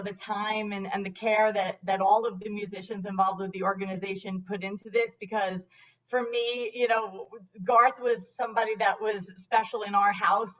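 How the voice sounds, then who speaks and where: A woman with a Staten Island New York accent, a board member talking earnestly in a halting, conversational way. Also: medium pitch, fairly bright tone, recorded from a distance, dull audio. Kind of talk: conversational interview chat.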